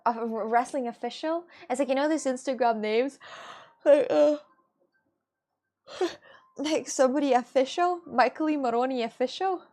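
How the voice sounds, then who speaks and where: A woman's voice: high voice, a little fast, a little mellow. A woman with a chatting casually to her viewers, rambling and restarting with many fillers. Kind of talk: casual chat.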